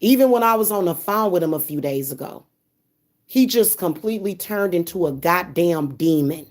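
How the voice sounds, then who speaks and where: Angry cursing young woman, lowish voice. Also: lively intonation, normal speed. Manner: heated, cursing, repeats herself when upset. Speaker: spiritual reader and vlogger. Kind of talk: angry, profane venting monologue.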